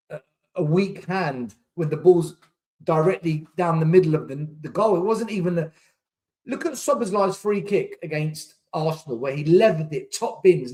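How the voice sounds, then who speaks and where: Reacting to a live match on his fan channel, this young host swears and keeps repeating himself in exasperation. His voice is fairly high and a little mellow.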